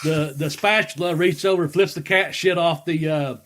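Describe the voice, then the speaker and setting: A man with a fairly high speaking voice hosts a casual podcast. He tells stories in a folksy, rambling way, often breaking into laughter. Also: steady tone, moderate pace, a bit bright, slight background noise. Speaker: podcast host. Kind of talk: casual storytelling chat.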